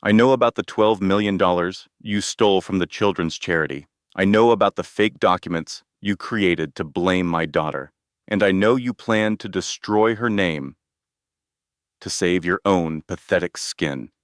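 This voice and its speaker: A man's voice: low voice, moderate pace, no room sound, studio quality, lightly acted. A man doing a stern Texan oil tycoon. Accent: Texan (figure). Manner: quiet but carrying, stern. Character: older male Texan oil tycoon, protective father.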